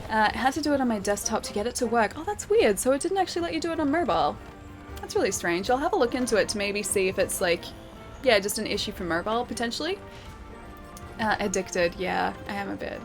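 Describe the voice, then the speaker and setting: A woman's voice: on the high side, lively intonation, quick pace, soft background music. A young woman chatting casually while live-streaming a game and reading chat. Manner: chatty, giggly, reads chat aloud.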